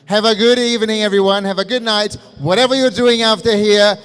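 A man hosting a live fashion show, speaking in a theatrical, playful, drawn-out way. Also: sits high, fairly even intonation, fairly bright tone, clear, resonant tone. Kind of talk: live event emcee speech. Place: event hall. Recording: long hall reverb.

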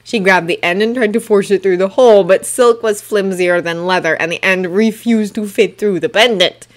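A woman reading a fanfiction story aloud in steady storytelling narration. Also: mid-range voice, normal speed. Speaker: fanfiction reader. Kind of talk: audiobook narration.

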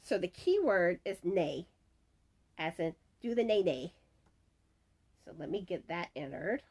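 This middle-aged woman's voice is on the low side, husky and darkish, animated yet unhurried. Running a crochet channel, she reads viewer comments aloud at home and names giveaway winners, often laughing. A screen door rattles in the wind.

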